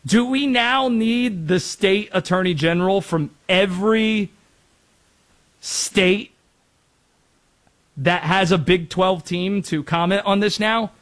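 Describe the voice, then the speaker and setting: Chatty sports radio host. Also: male voice, high voice, slow, long pauses, a bit bright. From North Carolina, US. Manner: chatty, rambling asides. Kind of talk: casual sports talk.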